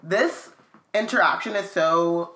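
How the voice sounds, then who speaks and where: A woman's voice: on the low side, slow pace, a bit bright, echoey room. A woman co-hosting a book read-along, chatting thoughtfully with lots of fillers. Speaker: co-host.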